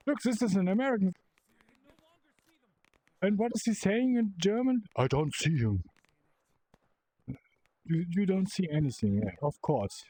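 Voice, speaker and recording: A young man calls out his game as he plays, turning excitable and swearing as he shouts at computer players. His voice is mellow and a little husky. He speaks at a slow, unhurried pace. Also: high-pitched, poor audio. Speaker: VR gameplay creator. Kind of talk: live gameplay commentary.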